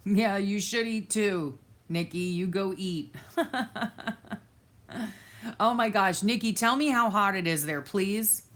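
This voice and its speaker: A woman's voice: medium pitch, slow pace. A woman from Florida, hosting a live stream and chatting casually with viewers, laughing often. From Florida, USA. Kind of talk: casual chat reading viewer comments.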